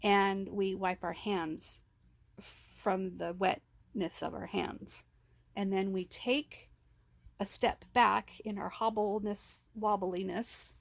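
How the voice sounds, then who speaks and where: Speaking into a handheld phone, a female vlogger tells a raw personal story, rambling, emotional and full of restarts, and refers to herself as "we." Her voice is medium-pitched with vocal fry, and there's no room sound.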